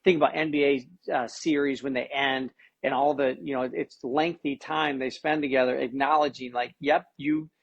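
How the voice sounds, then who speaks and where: Gravelly, husky man talking with animation. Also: mid-range voice, moderate pace, lo-fi sound. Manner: animated, repeats words when starting a thought. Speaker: tennis coach, guest. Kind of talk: casual conversation.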